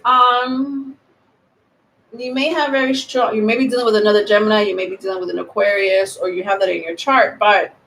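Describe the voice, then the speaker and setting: A woman giving a live tarot reading, rambling and thinking aloud with many pauses and ums. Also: medium pitch, steady tone, gravelly, a bit bright. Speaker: tarot reader. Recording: roomy echo.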